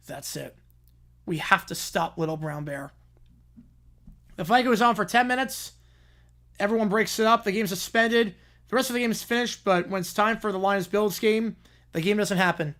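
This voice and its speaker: A livestream host with a high, somewhat bright voice reads a chaotic fan story aloud, repeatedly stopping to comment and laugh.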